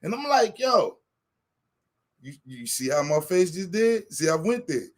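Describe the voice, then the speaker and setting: A man's voice: sits high, big pitch swings, a little slow. A man telling a heated, profane story in a casual chat, acting out what he said. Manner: heated, profane anecdote with acted-out quotes. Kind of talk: animated storytelling.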